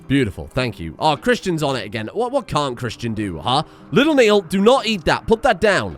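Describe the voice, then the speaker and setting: A man with a fairly high, very lively voice, commentating on his own gameplay in bursts of exasperation and cursing. He keeps talking to the little characters on screen as he plays. Soft music runs underneath. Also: fairly quick, hardly any pauses. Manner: animated, exasperated, swears often, talks to game characters. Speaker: gaming video creator. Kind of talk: let's-play game commentary.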